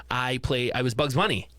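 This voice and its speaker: A Wisconsin man co-hosts a podcast, chatting casually and telling animated stories with frequent laughter. His voice is medium in pitch and his pace is measured.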